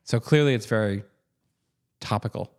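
A man's voice: lowish voice, normal speed. A man co-hosting a podcast in casual chat, joking, laughing often and restarting his sentences. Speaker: podcast co-host.

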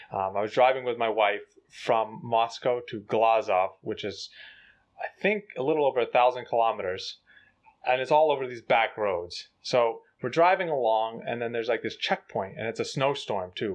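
A man telling a funny travel story in a casual, animated way, acting out voices in the quotes. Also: medium pitch, moderate pace. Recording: slightly dull lo-fi audio.

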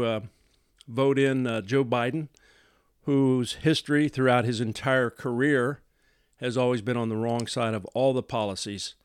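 A man from the American Midwest hosts a news commentary podcast, folksy and emphatic, often pausing on "uh". His voice sits in a middle register and is recorded dry and close, with no room sound. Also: mid-range voice, clear, resonant tone, no echo. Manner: folksy, emphatic, frequent "uh" fillers. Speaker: podcast host.

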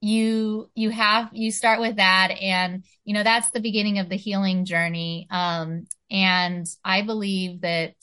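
A woman's voice: medium pitch, steady tone, unhurried, few pauses, bright, forceful tone, clean tone. A woman talking earnestly in a casual spiritual chat, full of "you know" and "like".

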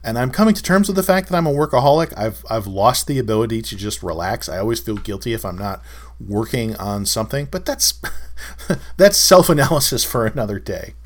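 Animated middle-aged man hosting a podcast. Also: mid-range voice, brisk. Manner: wry, exasperated, chuckling. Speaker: podcast host. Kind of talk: casual solo podcast monologue.

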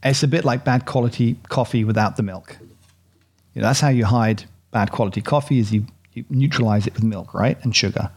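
A man's voice: medium pitch, brisk, a little mellow. A man hosting a casual chocolate tasting, chatty and rambling, poking fun at himself. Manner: chatty, rambling and self-deprecating.

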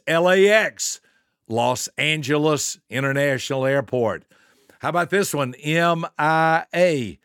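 An older man hosting a motivational podcast, telling stories in an animated way, laughing at his own anecdotes and spelling out acronyms slowly. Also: medium pitch, no echo, studio quality. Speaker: podcast host and speaker. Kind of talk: motivational talk with storytelling.

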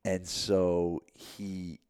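A man in his thirties in casual chat, telling a story with many halting restarts. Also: low voice, little pitch movement, a little mellow, clean tone.

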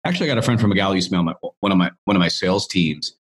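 Speaking very fast in a deep voice, a man interviewed as a business coach rambles through a story, chatty and full of restarts and "you know."

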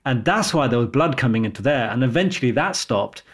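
A man, a radiologist, chatting casually on a podcast and telling animated stories with frequent laughs. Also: medium pitch, a little fast, slightly rough. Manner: animated storyteller, laughs often.

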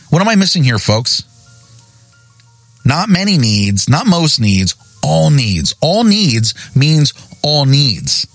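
A man's voice: a little high, no echo. A man hosting a devotional podcast sermon, reading verses and pressing listeners with pointed, repeated questions. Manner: emphatic, repeats key phrases. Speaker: podcast host.

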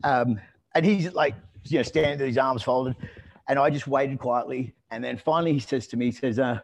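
A man telling a story in a relaxed conversational way, rambling with restarts and fillers. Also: mid-range voice, brisk, creaky. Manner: lively and amused when telling anecdotes.

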